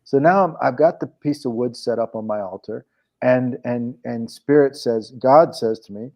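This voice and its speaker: A man's voice: mid-range voice, moderate pace, darkish tone. A man as an interview guest, telling a story in casual conversation, rambling with frequent restarts. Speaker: guest, coach and program founder.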